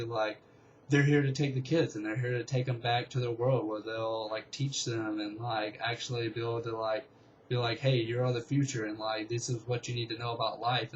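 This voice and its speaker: A man's voice: mid-range voice, dull audio, a little hiss or hum. Rambling young man retelling a dream. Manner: rambling, filler-heavy, excitable retelling. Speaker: vlogger. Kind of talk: casual storytelling.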